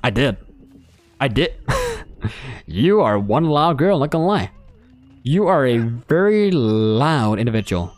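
A young man giving casual live commentary on his own gameplay, excitable, laughing and swearing as he talks to the players on screen. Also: medium pitch, unhurried.

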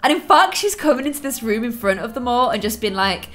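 Young woman chattering over her sims game, high voice bouncing all over the place. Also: quick pace, soft background music. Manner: animated, gasping, teasing asides to players. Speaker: let's play host. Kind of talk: casual gameplay commentary.

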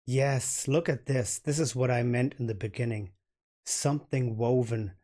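A man hosting a reaction video, gushing and halting as he comments, often repeating his words. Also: medium pitch, steady tone, dark tone, a little hiss or hum.

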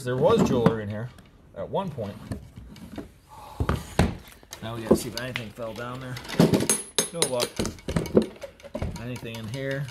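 Man, auctioneer unboxing, joking, excitable, mid-pitched voice, crinkling paper and clicks behind. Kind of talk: casual unboxing commentary. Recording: noisy background with crinkling.

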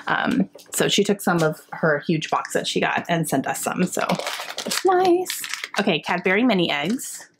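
A young adult woman in casual, excited chat as she unwraps gifts for her book vlog. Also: lowish voice, moderate pace, slight background noise. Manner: excited and chatty, gasping and laughing often. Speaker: book vlogger.

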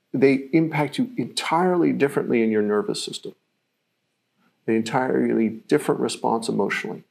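A man's voice: lowish voice, vocal fry, a little mellow. A man giving a live-streamed self-mastery teaching talk, reflective and explaining through everyday examples, with many fillers.

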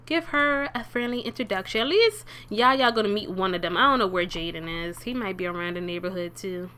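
A woman's voice: fairly quick, clear, resonant tone. A young woman giving casual, chatty commentary while playing a life-sim game, talking straight to her characters. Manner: chatty, talks to the game characters, bursts of excited high pitch. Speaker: let's play gamer.

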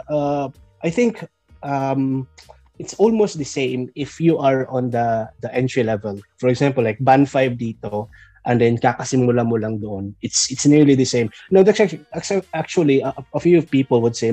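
A man's voice: mid-range voice, normal speed, dark tone, no echo, soft background music. A Filipino man working as a nurse, chatting casually with fillers and restarts. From Philippines. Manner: chatty, mixes in Tagalog, frequent fillers and restarts. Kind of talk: casual interview talk.

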